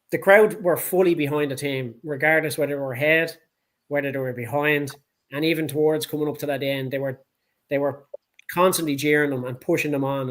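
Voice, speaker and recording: Sweary Dublin man, fairly high voice. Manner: blunt and sweary, heated. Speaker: podcast co-host. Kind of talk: casual sports chat.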